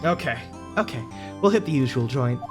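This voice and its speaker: A man reading a calm young woman lawyer. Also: medium pitch, normal speed, lightly acted. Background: game music.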